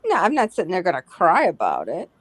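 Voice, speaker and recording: A woman's voice: lowish voice, wildly swooping pitch, fast talker, no echo. A woman co-hosting a podcast, blunt, indignant and profane in casual chat. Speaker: podcast co-host.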